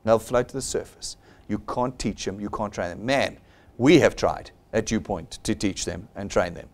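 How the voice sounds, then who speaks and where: A man's voice: on the low side, moderate pace. A middle-aged man giving a motivational business seminar in an emphatic, exhorting manner. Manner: emphatic and exhortative, acts out quoted voices. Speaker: seminar presenter for his company.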